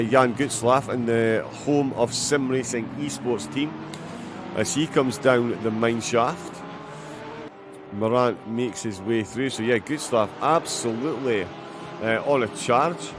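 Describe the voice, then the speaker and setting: A man's voice: mid-range voice, unhurried, noisy background. Scottish man commentating a sim race. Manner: filler-heavy, bursts of excitement at incidents.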